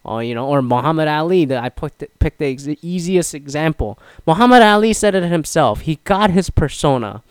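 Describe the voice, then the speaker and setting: A man's voice: a little high, normal speed, hardly any pauses, clean tone, dry recording. A man talking casually in an opinion monologue, rambling with many fillers and restarts. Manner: rambling, lots of "you know" fillers and restarts; animated when quoting others.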